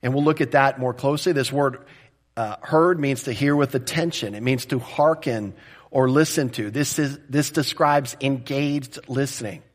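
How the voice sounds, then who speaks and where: A man's voice: medium pitch, moderate pace. Conversational male pastor preaching. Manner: conversational, direct, often asks the listeners "right?". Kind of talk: expository sermon.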